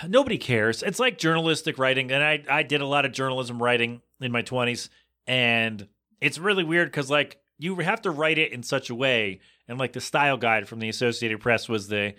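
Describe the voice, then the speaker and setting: A man hosts a podcast in his thirties, talking in a bright, forceful voice. He chats casually and reacts to listener messages with exasperated mockery. His pitch sits in a middle range. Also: normal speed. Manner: exasperated, mocking, animated. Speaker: podcast host. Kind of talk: casual chat.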